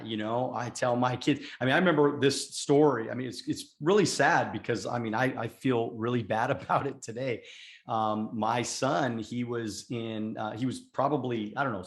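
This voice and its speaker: A man in his forties hosting an interview, sharing a story in a rambling, frank and self-deprecating way, with many repeated words. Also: mid-range voice. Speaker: podcast host. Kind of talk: conversational interview.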